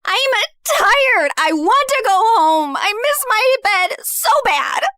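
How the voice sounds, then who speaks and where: A woman voicing a bitter, cruel young woman who sneers and hurls venomous insults in an animated story. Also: very high-pitched, slow, dry recording, studio quality, exaggerated voice. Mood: whiny.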